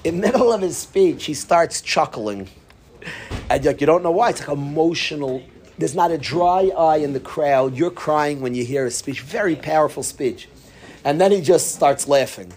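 A man giving a lively Torah talk, telling a story and mixing in Yiddish and Hebrew words. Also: a little high, normal speed.

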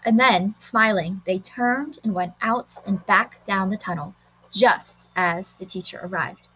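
A woman reading a short story aloud in a measured, expressive way. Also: medium pitch, husky, low-quality recording. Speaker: narrator.

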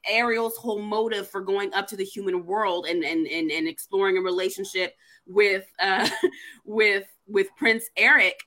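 A woman co-hosting a casual chat, telling stories in a lively way with playful mock grievance. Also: medium pitch, moderate pace. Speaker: co-host.

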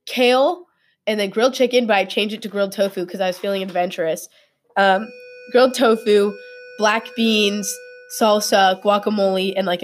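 A young woman in casual podcast chat, telling stories in an animated way and laughing often. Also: mid-range voice.

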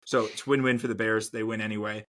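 A man's voice: lowish voice, flat delivery, quick pace, fairly bright tone. A man co-hosting a podcast, chatting casually about football, rambling and repeating words as he goes. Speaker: podcast co-host. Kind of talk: casual sports chat.

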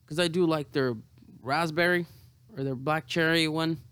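A man's voice: a little high, fairly even intonation, normal speed, fairly bright tone, clear, resonant tone, no room sound, clean studio sound. A hungover young man rambling to camera in a profane, self-mocking monologue. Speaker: vlogger.

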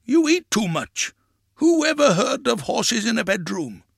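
A man voicing an eccentric, sly old grandfather who shouts to imaginary horses. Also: a little high, very animated, takes it slowly, vocal fry, no room sound, studio quality, pitched above the performer's own voice, full character voice. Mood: gruff. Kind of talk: dramatic story reading.

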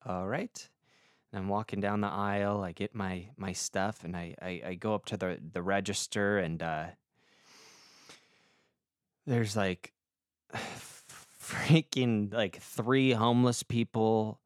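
A man's voice: on the low side, steady tone, slow pace, smooth, no room sound, clean studio sound. A young man hosting a podcast, telling a rambling comic story, swearing a lot and making fun of himself. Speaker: podcast host. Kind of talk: casual comic monologue.

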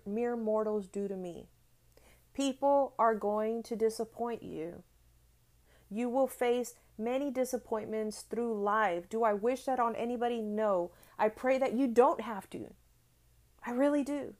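A woman hosting a devotional podcast, speaking earnestly and from the heart, repeating phrases for emphasis and growing louder when she reads scripture. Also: a little high, measured pace. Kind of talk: devotional encouragement talk.

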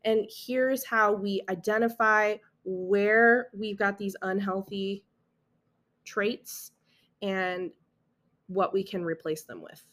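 A woman's voice: medium pitch, fairly even intonation, slow, fairly bright tone. A young adult woman hosting a casual solo podcast, talking in an earnest, reassuring way with frequent restarts and asides. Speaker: podcast host.

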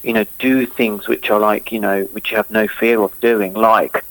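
A man's voice: lowish voice, fairly even intonation, moderate pace, dry recording, rough recording. A man, a cricketer being interviewed, talks eagerly and rambles with many fillers and restarts. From England. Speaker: cricketer and guest.

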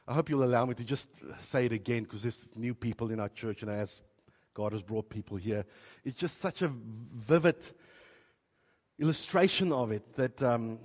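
A man's voice: mid-range voice, moderate pace, in a large hall. Pastor from South Africa telling his story. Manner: storytelling, swings from soft to loud with emotion. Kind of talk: sermon. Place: church.

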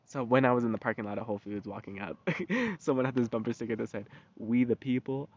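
A man's voice: mid-range voice, steady tone, fast talker. Profane, heated man ranting on a lo-fi recording. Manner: profane, heated, loose and slangy. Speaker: vlogger. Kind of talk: casual ranting monologue. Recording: dull lo-fi recording.

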